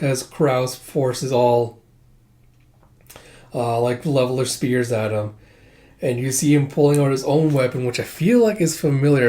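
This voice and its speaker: A man's voice: mid-range voice, warm tone. Chatty man recapping a comic. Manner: loose and chatty, heavy on "like" and "uh"; reads characters' lines inline with little change of voice. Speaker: manga reviewer. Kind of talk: casual recap of a comic volume.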